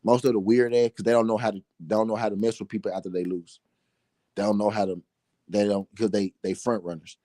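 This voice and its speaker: Blunt, profane Southern boxing talk host. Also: male voice, lowish voice, flat delivery, quick pace, mellow, no room sound. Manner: blunt, repetitive, heated and profane. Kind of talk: profane solo boxing commentary.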